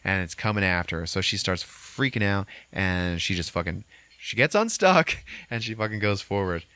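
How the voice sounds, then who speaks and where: A man hosting a podcast, recapping a movie in a casual, animated way with constant swearing. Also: deep voice, moderate pace, smooth, dry recording. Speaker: podcast host.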